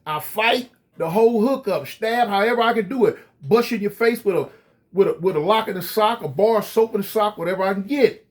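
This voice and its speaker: A man casually telling a story straight to his viewers, animated and full of slang. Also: high-pitched, brisk. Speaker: storyteller recounting prison life.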